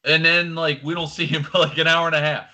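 Animated bright-voiced man ranting. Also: on the high side, a little fast, poor audio. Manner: animated, opinionated ranting with filler words. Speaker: podcast co-host. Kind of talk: casual chat.

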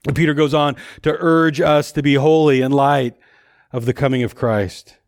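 A man's voice: medium pitch, steady tone, moderate pace, gravelly. A man preaching a sermon in a conversational way, often repeating words as he thinks aloud.

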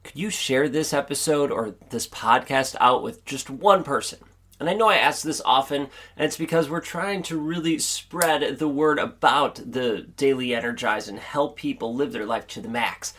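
A man's voice: mid-range voice, animated, normal speed, a bit bright. A man hosting his own podcast and giving an upbeat, earnest, chatty pep talk. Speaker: podcast host. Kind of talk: motivational solo podcast monologue.

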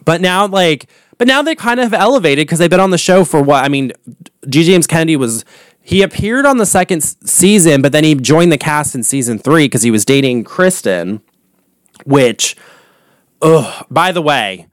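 Gossipy man with a smooth, close voice. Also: a little high, normal speed, no echo. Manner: gossipy, animated, swears freely. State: voice going hoarse. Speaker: podcast host. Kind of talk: casual solo podcast chat. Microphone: studio podcast mic.

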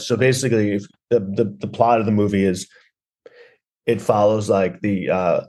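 A man's voice: on the low side, steady tone, normal speed, warm tone. A man hosting a podcast, rambling sarcastically through a comedic movie review. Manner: rambling, sarcastic, lots of restarts and "like". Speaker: podcast host.

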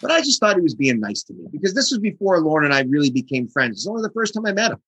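A man being interviewed as a guest drummer, telling a story in a casual, animated way and acting out the voices of the people in it. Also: on the high side, racing, slightly rough, no room sound, low-quality recording.

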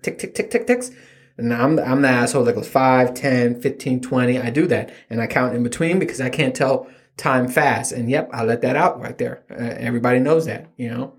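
A man in his thirties hosting a podcast, telling rambling, self-mocking stories about his kids in a casual, profane, joking way. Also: mid-range voice. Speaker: podcast host. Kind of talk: casual comedic storytelling.

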